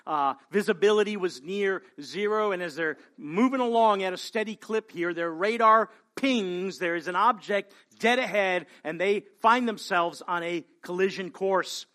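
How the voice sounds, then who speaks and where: A man preaching a sermon as pastor, swinging from hushed, slow lines to loud, pleading calls. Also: high voice.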